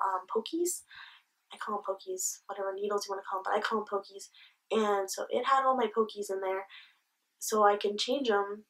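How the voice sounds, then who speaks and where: A woman's voice: medium pitch, fairly bright tone, recorded from a distance, rough recording. A young woman vlogger telling a story casually, swearing freely and acting out the conversations she describes. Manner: candid, swears freely, retells the scene with quoted dialogue.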